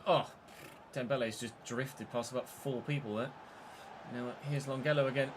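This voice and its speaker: A man's voice: medium pitch, steady tone, moderate pace, slight background noise. A man giving live, mock match commentary while playing a football game, swearing when frustrated.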